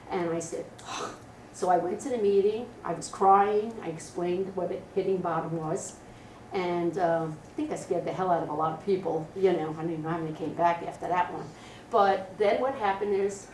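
A middle-aged woman sharing her recovery story at a meeting, candid and lively, acting out the voices of people in her story. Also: fairly low pitch, far from the mic, slight background noise. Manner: candid, animated storytelling with acted quotes. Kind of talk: personal testimony at a meeting. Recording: roomy echo, voice from off-mic.

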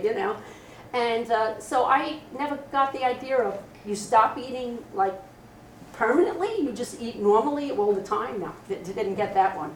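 A middle-aged woman sharing her recovery story at a meeting, candid and lively, acting out the voices of people in her story. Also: fairly high pitch, normal speed, distant mic, noisy background. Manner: candid, animated storytelling with acted quotes. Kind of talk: personal testimony at a meeting. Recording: roomy echo, voice from off-mic.

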